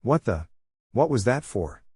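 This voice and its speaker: A man's voice: mid-range voice, very animated, a little slow, a little mellow, husky, dry recording, studio quality, voice pushed up, exaggerated voice. Naruto, a man reading as a brash young ninja. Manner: eager, stammering when moved.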